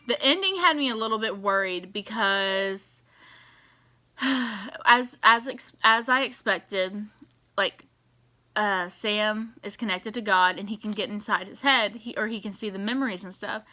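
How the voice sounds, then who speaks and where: A woman giving casual, animated reaction commentary on a TV episode, exasperated and swearing as she rants. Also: mid-range voice, a little slow. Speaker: TV reaction vlogger.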